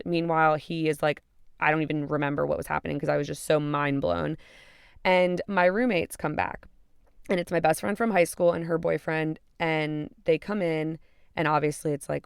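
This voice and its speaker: A young woman tells a personal story on her podcast, candid and emphatic, with a few swear words. Her voice is smooth but has a gravelly fry to it. The sound is dry and close. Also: deep voice, no room sound. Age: young adult. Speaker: podcast host. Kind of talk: confessional storytelling.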